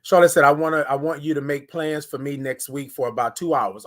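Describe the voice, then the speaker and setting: A man from Houston hosting a casual morning live stream, warmly coaxing viewers in and repeating his call-outs. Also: on the high side, a little fast, few pauses. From Houston, Texas.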